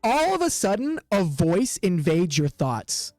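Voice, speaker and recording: A man's voice: high-pitched, big pitch swings, measured pace, a little mellow, dry recording, soft background music. A man narrating as the game master of a tabletop game, casual and full of fillers.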